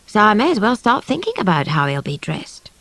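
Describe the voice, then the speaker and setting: A woman's voice: mid-range voice, wildly swooping pitch, fairly quick, a bit bright, no room sound, full character voice, low-quality recording. Prim, genteel old grandmother, read by a woman. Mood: musing. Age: older. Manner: prim, correcting and proper. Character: genteel, pious elderly grandmother. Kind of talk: audiobook character reading.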